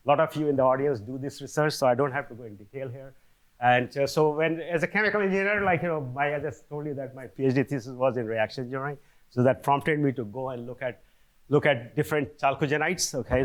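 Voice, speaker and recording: Older male lecturer, chatty academic delivery, checks in with the room often. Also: mid-range voice. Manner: conversational, frequent "okay?" check-ins with restarts. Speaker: seminar speaker. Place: lecture hall.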